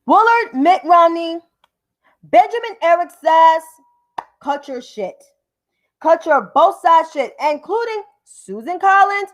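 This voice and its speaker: A woman's voice: extremely high pitch, expressive, slow. A woman hosting a livestream of political commentary, combative and profane, repeating names for emphasis.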